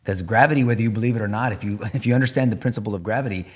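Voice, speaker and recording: A man's voice: fairly low pitch, rapid-fire. A man hosting a faith discussion podcast, earnest and emphatic, recorded in a home garage. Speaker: podcast host. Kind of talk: casual podcast talk.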